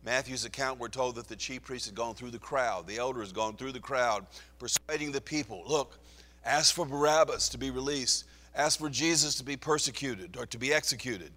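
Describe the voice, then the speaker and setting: A man's voice: medium pitch, moderate pace, bright, forceful tone, long reverb tail. A man teaching through a Bible passage, reading scripture aloud with rising emphasis. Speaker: preacher.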